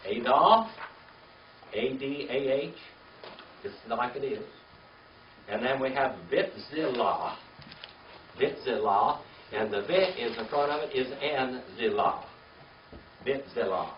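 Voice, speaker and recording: An older man teaching a Hebrew class, spelling words letter by letter and coaxing students with frequent "okay?" checks. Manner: patient, coaxing, checks in with "okay?" and "all right?". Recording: roomy, distant, dull low-fi with faint hiss.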